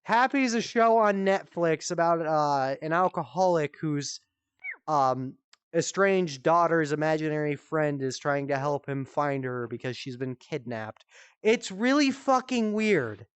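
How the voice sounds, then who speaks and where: Smooth-voiced young man telling crude stories. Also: fairly high pitch, lively intonation, measured pace, no echo. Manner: profane, rambling, laughs at his own stories. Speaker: streamer comedian. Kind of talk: casual comedic storytelling. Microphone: headset.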